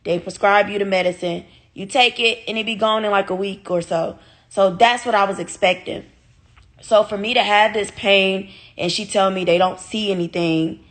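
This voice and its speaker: A woman chatting straight to her viewers in a loose storytime vlog. She is animated and candid and swears freely. Her voice sits at an ordinary middle pitch for a woman. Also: moderate pace. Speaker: vlogger telling a personal story. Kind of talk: casual storytime chat.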